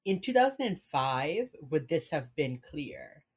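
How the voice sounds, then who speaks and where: A woman in young adulthood, her voice sitting low, chatting casually and laughing a lot. She co-hosts a podcast from a remote call setup. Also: slow pace, breathy edge. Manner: laughs often, relaxed and chatty. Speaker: podcast co-host. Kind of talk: casual chat. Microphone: remote video call.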